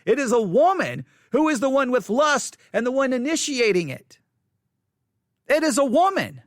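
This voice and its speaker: A man's voice: extremely high pitch, big pitch swings, normal speed, no echo, studio quality. A man leading a conversational Bible study, talking emphatically and often repeating or restarting his phrases.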